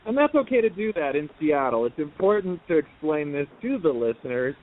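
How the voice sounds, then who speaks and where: Man, dry joking asides, slightly higher voice, tinny phone line. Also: sing-song, brisk. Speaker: guest co-author. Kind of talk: casual phone-in interview.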